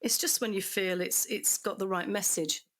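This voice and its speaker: A woman hosting a podcast in casual chat, effusive and quick to laugh. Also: mid-range voice, fairly even intonation. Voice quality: chatty, laughs often, warm and effusive. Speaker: podcast host.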